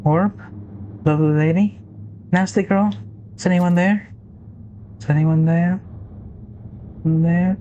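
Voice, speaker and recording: A man voicing a small, sleepy, frightened ghost with a scratchy, deep little voice. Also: fairly even intonation, slow pace, long pauses, mellow, lo-fi sound. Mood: frightened calling.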